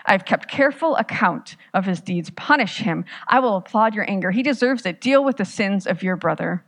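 A woman's voice: medium pitch, animated, fairly quick. A woman voicing a self-righteous brother who eagerly accuses his sibling and brushes off his own faults. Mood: accusing.

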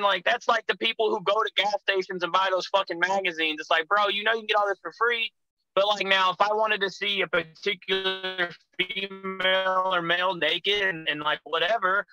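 A man's voice: sits high, pushed and bright, no echo, rough recording. A young man chatting casually as a guest, crude and rambling, swearing freely as he tells stories. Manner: crude, profane, rambling storyteller. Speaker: guest, wrestling figure. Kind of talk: casual chat.

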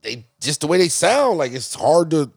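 A man co-hosting a casual podcast chat, animated and profane, talking in loud slangy bursts. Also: fairly high pitch, normal speed, creaky, husky, no room sound, studio quality. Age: adult parent. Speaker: podcast co-host.

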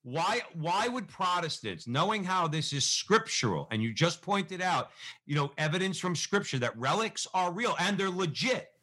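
Bright-sounding host guy, playful, stumbles into his questions. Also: sits high, big pitch swings, moderate pace. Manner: playful, stammers at starts. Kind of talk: casual interview talk.

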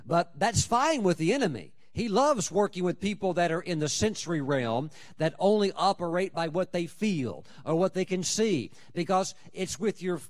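A man delivers a fervent sermon in a fairly high voice. He preaches emphatically, with dramatic swings in loudness and pitch. He often acts out prayers and scripture in quoted voices.

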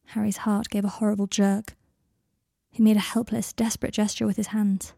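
Mellow woman narrating a story. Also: mid-range voice, little pitch movement, brisk, gravelly, no room sound, studio quality. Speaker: audiobook narrator. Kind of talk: fan fiction audiobook narration.

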